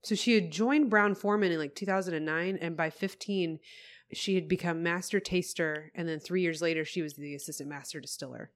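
A woman's voice: fairly low pitch, fairly quick. A woman co-hosting a casual chat while tasting whiskey, talking through facts with chatty asides. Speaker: podcast co-host.

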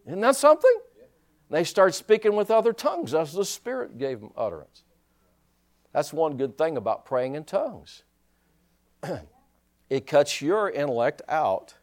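A male pastor preaching a sermon in an animated way, full of rhetorical questions and chuckling asides. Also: fairly high pitch, measured pace, long pauses.

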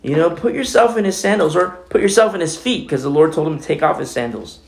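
A man's voice: fairly high pitch, fast, echoey room. A man preaching a conversational sermon as the pastor of a church, talking through a scripture passage with casual asides.

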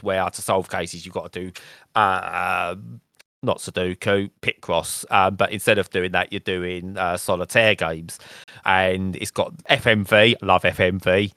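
A man's voice: low voice, bright, forceful tone, no room sound. A man co-hosting a gaming podcast, chatting casually with dry, self-mocking humour. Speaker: podcast co-host.

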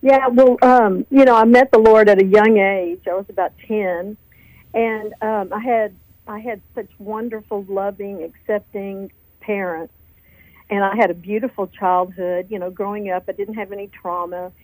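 A woman's voice: mid-range voice, fairly even intonation, moderate pace, darkish tone, no echo, low-quality recording. A middle-aged woman with a drawl tells her own story as an interview guest. She talks in a chatty, heartfelt way and often slips into the voices of people she is quoting. The recording is dry and close. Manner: chatty, earnest, tells stories with quoted dialogue. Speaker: author and guest.

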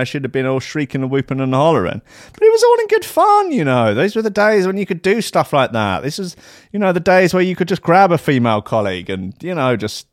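A man delivering a rambling, deadpan satirical comedy monologue, full of fillers and restarts. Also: medium pitch, dry recording, studio quality.

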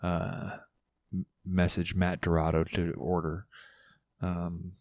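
A man's voice: deep voice, monotone, takes it slowly, darkish tone, dry recording. A man hosting his own podcast, rambling loosely and swearing casually, with playful asides. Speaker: podcast host. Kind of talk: casual solo podcast chat.

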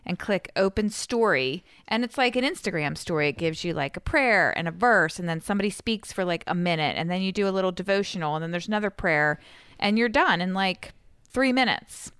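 A woman's voice: on the low side, expressive, fairly quick, fairly bright tone, clean tone, no echo, studio quality. A woman co-hosting a podcast, recommending an app in an enthusiastic, casual way. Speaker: podcast co-host. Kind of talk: casual chat.

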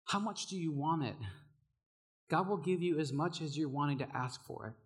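A young man preaching a sermon, telling stories with energy, laughing often and shouting when he gets excited. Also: fairly high pitch, normal speed.

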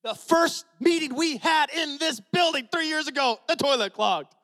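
A man preaching a sermon as pastor, swinging from shouted retellings to quiet, confiding asides. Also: very high-pitched, normal speed.

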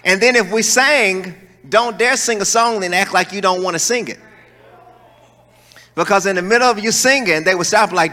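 Animated preacher man in a ringing hall. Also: high-pitched, moderate pace. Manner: animated, folksy storytelling with call-and-response. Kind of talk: sermon. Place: large church hall. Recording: reverberant church hall.

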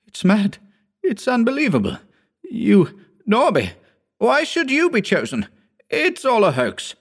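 A man's voice: high-pitched, wildly swooping pitch, a little slow, slightly rough, voice pushed up, heavily acted. A man reading a story aloud, voicing a young male assistant who bursts out in frantic disbelief.

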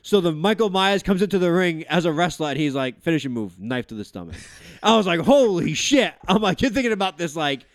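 This podcast host, a man in his thirties, keeps the chat casual as he rambles through family stories loaded with fillers and curse words, telling them with animation. His pitch is fairly high and his pace quick, captured in a dry, clean studio recording.

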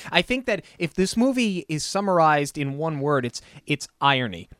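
A man casually discussing a movie as a podcast co-host, chatty and animated with frequent fillers. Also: on the high side, normal speed, clean tone, no room sound, clean studio sound.

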